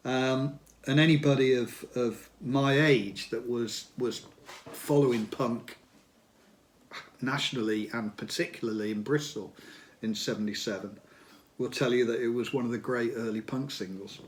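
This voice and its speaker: A man in his sixties hosting a casual talk through old music magazines, chatty and reminiscing, pausing on fillers and growing enthusiastic. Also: medium pitch, darkish tone. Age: 60s. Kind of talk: casual spoken commentary.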